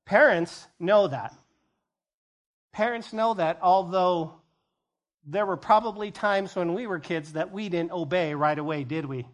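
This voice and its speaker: A male pastor preaching a sermon, acting out scenes as quick dialogue and repeating key phrases for emphasis. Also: sits high.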